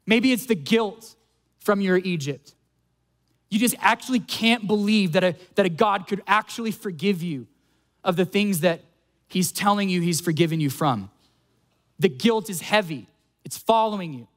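A young man preaching a sermon as pastor, earnest, slowing down on key phrases for emphasis. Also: high voice.

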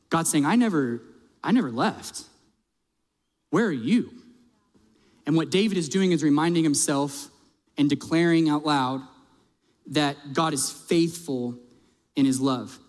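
A male pastor preaching a sermon in a conversational, emphatic way, asking his audience direct questions. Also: high-pitched. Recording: long reverb of a large hall.

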